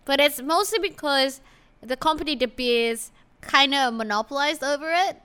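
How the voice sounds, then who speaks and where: High bright woman cohosting a podcast, swears a lot, laid back chatter. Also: normal speed. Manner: loose and profane, lots of fillers and laughter. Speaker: podcast co-host. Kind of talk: casual chat.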